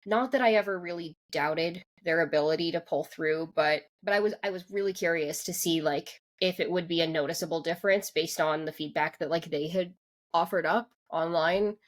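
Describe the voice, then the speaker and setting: A woman's voice: on the low side, normal speed. A woman co-hosting a podcast, talking through an anime episode in casual chat with lots of "like" fillers and restarts. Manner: rambling, full of "like" fillers and restarts. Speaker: podcast co-host.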